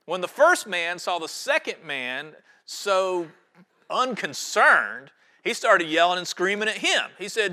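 Male pastor, fairly high, bright tone, animated sermon delivery. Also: unhurried. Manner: animated storytelling with a reverent scripture reading.

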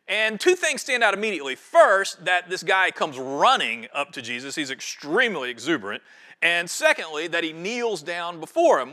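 Male pastor, fairly high, bright tone, animated sermon delivery. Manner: animated storytelling with a reverent scripture reading.

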